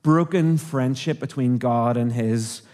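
A man's voice: mid-range voice, takes it slowly, darkish tone, in a large hall. A man from Northern Ireland with a Northern Irish accent, preaching a conversational sermon and asking the congregation questions. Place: church auditorium.

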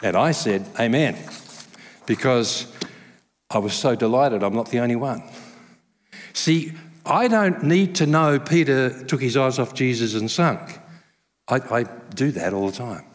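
A male pastor preaching a sermon at a church service, conversational and self-deprecating, telling stories with lively humor. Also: mid-range voice, a little slow, long pauses. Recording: long hall reverb.

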